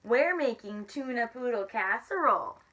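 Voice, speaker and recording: A woman's voice: a little high, expressive, moderate pace, sharp tone, low-quality recording. Storybook kitten girl, crooning and silly, woman reading. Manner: crooning, giggly. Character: sweet silly young girl kitten sister. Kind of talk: storybook read-aloud.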